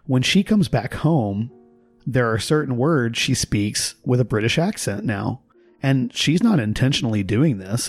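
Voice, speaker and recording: A man from Texas, a linguist guest on a podcast, explaining his ideas in a measured, casual way, with faint music behind. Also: medium pitch. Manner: explanatory, measured, laughs at his own examples. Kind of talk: casual conversation.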